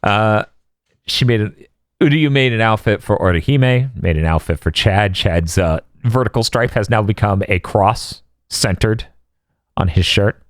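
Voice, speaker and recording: Wry podcast host man, lowish pitch, jokey recap delivery, dry sound. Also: no echo. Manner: wry, jokey, quick to laugh. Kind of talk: comedic episode recap.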